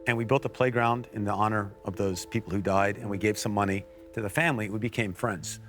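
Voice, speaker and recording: An American man telling a personal story on a faith talk show, earnest, with quiet and emotional stretches. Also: fairly low pitch, steady tone, fast talker, soft background music. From United States. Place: TV studio.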